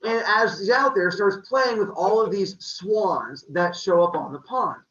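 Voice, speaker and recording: A man hosting a podcast, telling a myth in a playful, animated way with jokey asides. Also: high-pitched, unhurried. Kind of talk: comic storytelling. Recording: roomy, slightly muffled.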